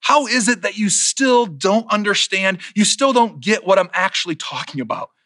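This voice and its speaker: A man voicing a calm, authoritative male teacher who speaks firmly and reassuringly, quoted inside a sermon. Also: sits high, normal speed, no room sound, clean studio sound, exaggerated voice. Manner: firm, reassuring.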